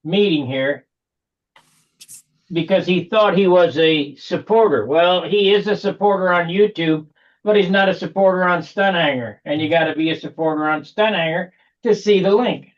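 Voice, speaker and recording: A man's voice: high-pitched, normal speed. Folksy man on a muffled video call. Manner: folksy, salty storyteller. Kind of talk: casual video call chat.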